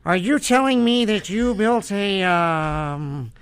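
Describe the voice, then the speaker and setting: Guy doing a jittery young dude, stammers a lot, kinda high and bouncy. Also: animated, slow pace, a bit bright, clean tone, full character voice. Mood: flustered. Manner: hesitant, stammering. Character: nervous young man, earnest and flustered. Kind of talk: comic impression sketch.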